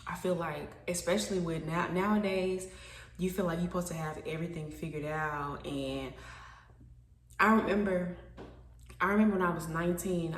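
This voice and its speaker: Low-voiced woman musing aloud in a roomy space. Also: distant mic. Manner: rambling, thinking aloud, self-questioning; self-conscious, stumbles and repeats words. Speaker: vlogger. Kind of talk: casual reflective monologue to camera. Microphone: camera.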